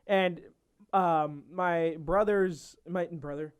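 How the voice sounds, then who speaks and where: A man's voice: on the high side, steady tone, slow, clean tone. A young man co-hosting a casual podcast, telling stories and laughing often. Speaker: podcast co-host. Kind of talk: casual chat.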